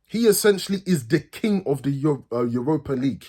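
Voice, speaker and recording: A man, a football fan host, ranting furiously, swearing and repeating himself, his voice swinging from high outbursts to low mutters. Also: expressive, normal speed, slightly rough. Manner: pitch swings from loud highs to low mutters. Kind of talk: angry fan rant.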